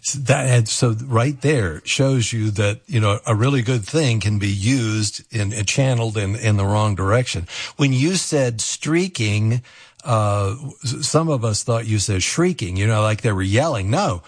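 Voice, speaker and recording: A man's voice: fairly low pitch, unhurried, slightly rough, no room sound, clean studio sound. A man hosting a call-in radio talk show, chatting with his guest and introducing callers.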